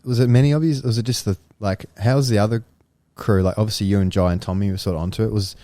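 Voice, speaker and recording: A man's voice: fairly low pitch, steady tone, dark tone, dry recording. A man co-hosting a podcast, telling stories in a casual chat and swearing freely. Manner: storytelling, swears freely, quick asides. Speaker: podcast co-host.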